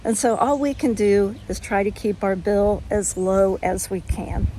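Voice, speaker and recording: A woman's voice: medium pitch, measured pace, warm tone, slight background noise. An older woman chatting frankly in a casual home vlog, folksy, with frequent ums. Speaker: vlogger.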